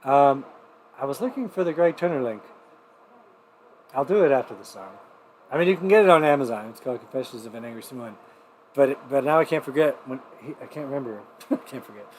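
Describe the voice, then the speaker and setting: A man hosting a livestream showcase, telling a rambling, profane story in casual chat and swinging between loud outbursts and muttered asides. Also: medium pitch, lively intonation, quick pace, a little hiss or hum. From New Mexico. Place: home.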